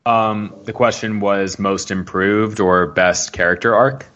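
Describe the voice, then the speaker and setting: Deep-voiced man on a lo-fi podcast. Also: steady tone, measured pace, a bit bright. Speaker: podcast co-host. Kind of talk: casual podcast chat.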